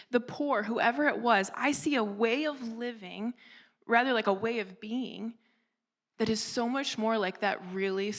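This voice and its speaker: A woman delivers a church sermon as a lively personal story. She talks in a casual, conversational way, full of asides, and acts out the dialogue of the people in it. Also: mid-range voice. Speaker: church speaker.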